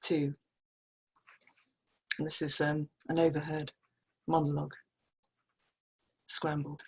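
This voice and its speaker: Husky-voiced woman reading poetry. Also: low voice, monotone, darkish tone, low-quality recording. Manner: measured, deliberate reading of fragmented verse. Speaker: poet. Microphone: video call.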